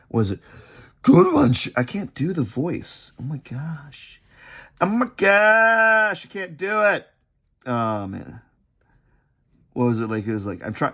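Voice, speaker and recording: Male artist vlogger, gravelly, lively pitch, rambling unscripted chat while sketching. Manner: rambling, halting, repeats himself.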